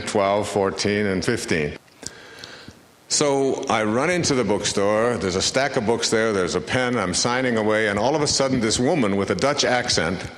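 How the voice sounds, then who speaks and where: A man's voice: fairly low pitch, a bit bright. A man speaking to a live audience, telling a personal story in a conversational, anecdotal way and acting out the voices of the people in it. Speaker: motivational speaker. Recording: roomy lecture hall reverb.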